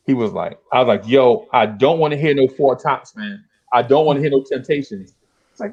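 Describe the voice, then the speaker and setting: A man's voice: mid-range voice, a little fast, husky, muffled recording. A middle-aged man telling street stories in casual chat, full of slang and acting out the voices of old friends. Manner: streetwise slang, animated storytelling, acts out dialogue. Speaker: podcast host.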